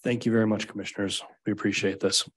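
A man, a department director, presenting to a board in a measured, explanatory way. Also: on the low side, flat delivery, slightly rough.

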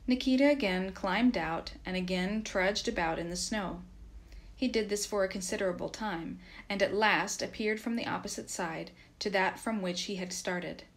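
A woman narrating a classic story as an audiobook, in a mid-pitched voice. Her reading is steady and measured. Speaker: reader.

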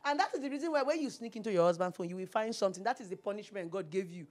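A Nigerian woman hosting a TV call-in advice show, animated and preachy, slipping into Pidgin. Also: mid-range voice, quick pace, hardly any pauses. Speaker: talk show host. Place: TV studio.

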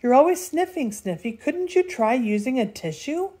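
A cross little dwarf man, short-tempered and gruff, snapping his words loud, as a grandma reading a storybook puts him on. he sounds fed up with everyone. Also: sits high, animated, normal speed, pitched above the performer's own voice. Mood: grumpy. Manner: shouting, gruff.

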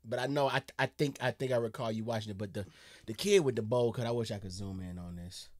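A man co-hosting a reaction video, excitable and chatty. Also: fairly low pitch, quick pace. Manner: excitable, bursts into loud exclaims. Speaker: reaction channel co-host. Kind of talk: casual chat.

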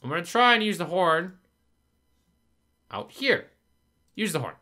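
A gaming video creator narrates his own gameplay, swearing and frustrated as he talks to himself. His high voice has a sing-song lilt and a bright, forceful tone, and he speaks a little slowly.

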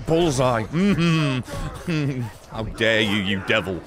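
A man streaming a video game, reacting loudly and swearing as he plays. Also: mid-range voice, slow pace. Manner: excitable, shouty, swearing. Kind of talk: gameplay commentary.

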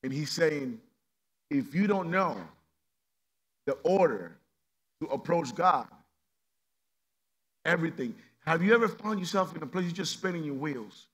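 A male pastor preaching a sermon with passion, swinging from loud emphatic peaks to hushed low passages and repeating rhetorical questions. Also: lively intonation, a little slow, long pauses, husky.

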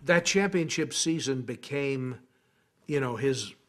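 Man calmly recalling a film project. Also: medium pitch, slow. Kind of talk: documentary interview.

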